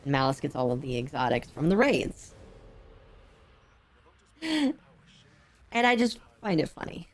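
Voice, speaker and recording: A woman with a low-pitched voice talks over a game she is streaming. She rambles with plenty of ums, and she sounds unwell and drained of energy. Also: big pitch swings, a little fast, few pauses. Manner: rambling, frequent laughs and ums. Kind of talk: casual gameplay commentary.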